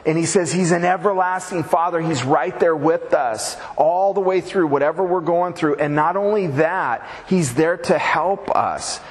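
A man's voice: a little high, unhurried, few pauses, long reverb tail. A man preaching a sermon as pastor, conversational and folksy, with humorous asides to the congregation.

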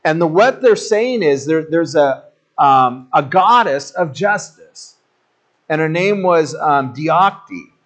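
A man's voice: fairly high pitch, takes it slowly. Man preaching a casual, storytelling sermon. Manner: conversational, animated storytelling with jokey asides. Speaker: pastor.

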